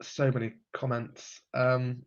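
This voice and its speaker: Man, live-stream host, casual comment-reading chat, frequent ums and chuckles, medium pitch, muffled lo-fi audio. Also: little pitch movement, slow.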